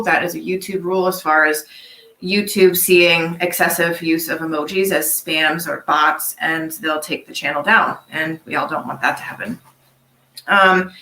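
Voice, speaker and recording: A woman hosts a farm livestream and speaks to her viewers in an earnest, plain-spoken way. Her voice sits low but has a bright edge. The room around her gives it a clear echo. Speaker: farm channel host.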